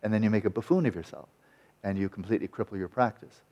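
A man teaching Buddhist meditation in a dharma talk, lively and wry, with a sarcastic edge and frequent restarts. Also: on the low side, fast talker, highs cut off.

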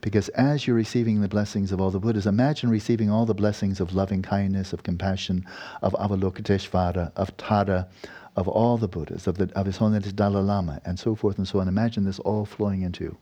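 A man giving a Buddhist dharma talk and guiding a meditation. He talks in an unhurried, rambling way, often adding tag questions and soft laughs. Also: deep voice, steady tone. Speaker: meditation teacher.

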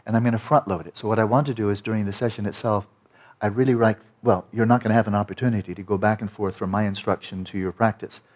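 A man teaching a meditation retreat, giving a dharma talk in an emphatic, conversational way. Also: darkish tone. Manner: emphatic, conversational, rises in pitch to stress points.

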